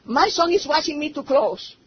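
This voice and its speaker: On a faintly noisy, slightly muffled recording, a middle-aged woman gives a church testimony about her life. A native Spanish speaker with a Spanish accent, she uses broken English and moves into Spanish at times. Her voice is high-pitched with lively intonation, at normal speed.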